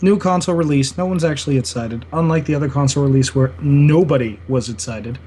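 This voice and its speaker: A man's voice: fairly high pitch, fast, dark tone, slight background noise. Sarcastic young man co-hosting. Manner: sarcastic, teasing, laughs often. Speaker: podcast co-host. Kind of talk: casual gaming podcast chat.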